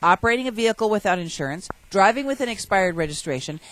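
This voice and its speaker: A woman's voice: medium pitch, lively intonation, fast, no room sound, rough recording. A woman co-hosting a casual talk show, reading news stories in a wry, matter-of-fact way. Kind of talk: casual podcast chat.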